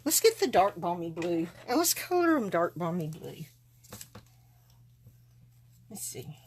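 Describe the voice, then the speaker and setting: A woman's voice: lowish voice, very animated, a little slow, a little mellow, a little hiss or hum. A woman chatting folksily to viewers as she demonstrates card making live from her craft table. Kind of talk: live-stream craft demo.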